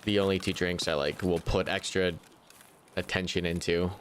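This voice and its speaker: A young man streaming a game, chatting casually in a rambling, profane, animated way. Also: low voice, moderate pace, a little hiss or hum. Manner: rambling, profane, animated rants with mocking impressions. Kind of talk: casual live-stream chat while gaming.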